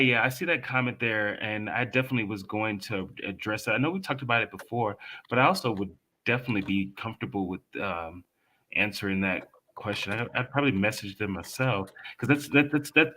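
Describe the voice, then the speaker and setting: Bright-voiced man, faint background noise. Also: on the low side. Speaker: guest. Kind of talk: casual chat.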